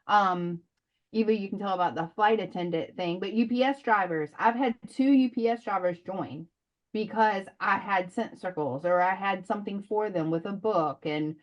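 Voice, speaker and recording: A woman's voice: medium pitch, moderate pace, highs cut off. A woman in casual chat, talking in a chatty way with lots of fillers over a video call. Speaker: direct sales consultant.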